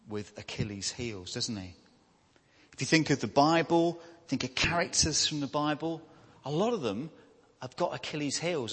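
Chatty preacher, husky, in a reverberant hall. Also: male voice, medium pitch, sharp tone. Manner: conversational, with tag questions. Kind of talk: sermon.

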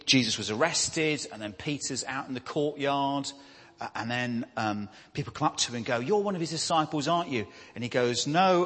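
A man's voice: medium pitch, a bit bright, breathy edge, long reverb tail. A man preaching a sermon in a conversational way, often ending points with tag questions.

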